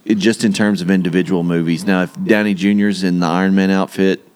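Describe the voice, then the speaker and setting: Deep-voiced wry podcast man. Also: flat delivery, fast, darkish tone, smooth. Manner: wry, joking, lists details. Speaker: podcast host. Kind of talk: casual movie podcast chat.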